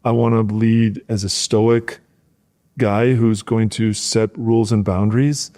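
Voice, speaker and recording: Mellow-voiced middle-aged man telling stories. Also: on the low side, a little slow. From rural Wisconsin. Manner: animated storyteller, acts out coaches' shouts in a raised voice. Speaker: guest, former football player and coach. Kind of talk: casual storytelling in a podcast interview.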